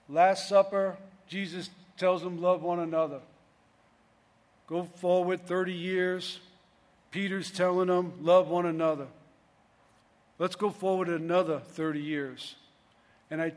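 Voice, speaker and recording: Man preaching in a reverberant hall. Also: sits high. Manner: rambling, conversational preaching with restarts. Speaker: pastor. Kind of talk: sermon.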